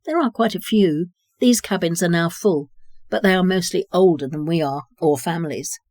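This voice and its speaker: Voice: mid-range voice, normal speed, a little mellow, dry recording, clean studio sound, lightly acted. A reader voicing a friendly, cheerful young man with a Belfast accent in an audiobook. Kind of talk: audiobook reading.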